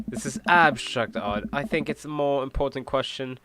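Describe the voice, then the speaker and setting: A man voicing a calm, learned teacher dad in a dating game, explaining things in a measured way. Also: medium pitch, natural voice.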